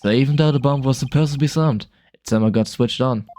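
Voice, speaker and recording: A man streaming a game, reading a terse male bomb expert in a flat, clipped, machine-like delivery. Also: medium pitch, quick pace, lightly acted. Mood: clipped robotic. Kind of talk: casual game dialogue reading.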